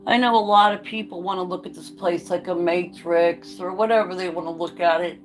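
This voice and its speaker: A woman's voice: lowish voice, steady tone, a little fast, faint music behind. A woman talking to camera in a candid vlog, blunt and profane, moving from reading aloud to an impassioned rant. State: choked up. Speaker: vlogger.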